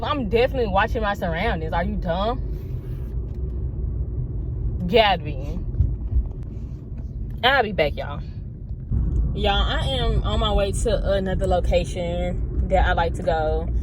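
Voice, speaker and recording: A woman chatting in a car, telling a story straight to her viewers in a casual, expressive way. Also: mid-range voice, noisy background. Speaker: storytime vlogger.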